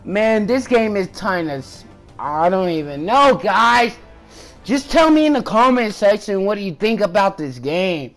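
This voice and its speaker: Frustrated gamer, swearing, lively swinging voice, shouted outbursts, unhurried. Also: mid-range voice, soft background music. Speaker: gaming YouTuber. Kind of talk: live gameplay commentary. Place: at home.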